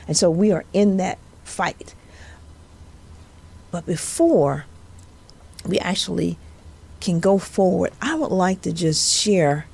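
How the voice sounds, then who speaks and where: A woman's voice: fairly low pitch, gravelly, darkish tone. A woman in her fifties with a northern Louisiana Southern accent, hosting a podcast in an earnest, preacherly way with emphatic repetition. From Louisiana, USA. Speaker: podcast host, civil rights attorney. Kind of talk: earnest motivational podcast talk.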